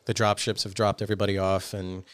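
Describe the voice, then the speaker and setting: A man's voice: on the low side, level tone, fast talker, smooth. A man co-hosting a podcast, talking at length in a casual, teasing way and quizzing the others. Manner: explains at length, teasing, asks the room. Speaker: podcast co-host. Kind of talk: casual chat.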